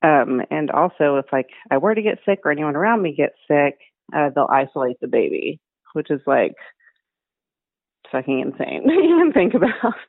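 A woman's voice: sits low, sing-song, moderate pace, no room sound. Pregnant woman caller on a phone line. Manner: chatty, telling a story. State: heavily pregnant. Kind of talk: casual chat.

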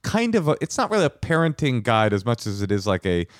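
A man's voice: mid-range voice, big pitch swings, fast talker. A man co-hosting a podcast, chatting casually with playful quips and laughter. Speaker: podcast co-host. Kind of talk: casual chat.

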